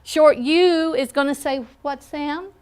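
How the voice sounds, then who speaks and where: Slow Southern American woman teacher. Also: sits high. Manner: slow, patient, with frequent "okay?" check-ins. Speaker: phonics teacher. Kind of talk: classroom lesson. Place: classroom.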